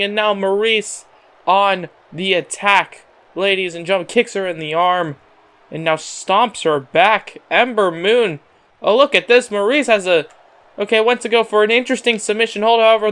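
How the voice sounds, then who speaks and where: Brief: male gaming host, excitable announcer-style wrestling play-by-play, high clear voice. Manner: excitable announcer patter, repeating "however" and filler words. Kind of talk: play-by-play wrestling commentary over a video game.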